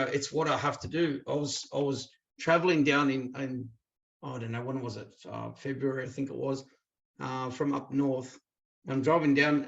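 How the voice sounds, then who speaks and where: As a guest in an interview, a man with an Australian accent tells casual stories in a chatty way, giving lively voices to the people he quotes. He has a medium-pitched voice with vocal fry, and the recording has its highs cut off.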